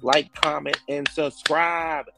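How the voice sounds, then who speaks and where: A man's voice: a little high, flat delivery, takes it slowly, gravelly, over loud music. A man hosting a casual reality TV recap, blunt and profane, ranting and stretching out words for emphasis. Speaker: TV recap host.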